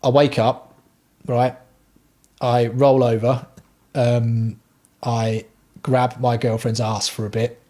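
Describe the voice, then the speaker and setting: A man's voice: medium pitch, little pitch movement, slow, pauses often, warm tone. A man hosting a livestream, chatting casually with viewers in a rambling, sweary way. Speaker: livestream host.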